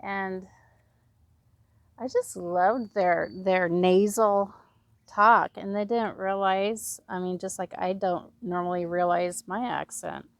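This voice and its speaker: A woman's voice: mid-range voice, steady tone, takes it slowly, dry recording. A woman in her fifties from Oregon with a West Coast accent, chatting to herself and viewers while planting her garden outdoors. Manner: chatty, self-talking, laughs often. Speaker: home gardener. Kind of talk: casual gardening vlog.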